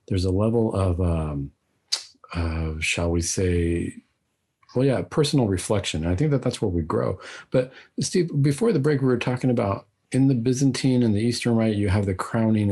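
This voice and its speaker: A male radio host with a somewhat low voice talks in a relaxed, conversational way. He asks probing questions and sometimes teases his co-host playfully. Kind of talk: call-in radio talk.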